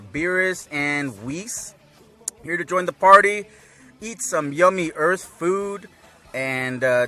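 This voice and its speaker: An anime reviewer casually rambles through a recap of an episode, laughing often and acting out characters' lines in excited voices. He speaks a little high, and the recording is dry.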